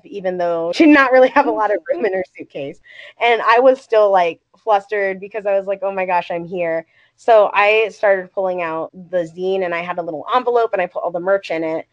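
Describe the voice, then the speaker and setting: A young woman co-hosting a casual podcast, gushing through a story with plenty of "like" fillers. Her voice sits at a middling pitch. The recording is dull and lo-fi with a dry, close sound. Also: moderate pace, dry recording. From Ohio, United States. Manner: excited, gushing, lots of "like" fillers. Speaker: podcast co-host.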